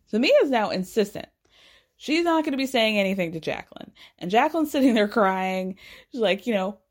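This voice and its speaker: A woman chatting casually as a podcast host, retelling drama in a sarcastic, animated way and swearing freely. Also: on the high side, normal speed. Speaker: podcast host recapping a reality show. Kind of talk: casual chat.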